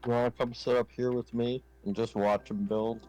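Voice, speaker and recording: A man in a casual gaming chat, speaking with dry, deadpan quips. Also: medium pitch, normal speed, soft background music, rough recording. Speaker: friend on game server.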